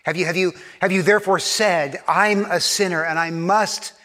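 A man preaching a sermon in earnest, pressing hard on key points and then dropping to a hushed, soft voice. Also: sits high, fairly even intonation, moderate pace, big-room sound. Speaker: pastor.

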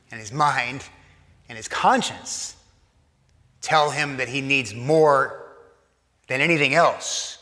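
A man preaching a sermon, earnest, repeating and restarting phrases, often dropping soft for emphasis. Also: on the high side, in a large hall.

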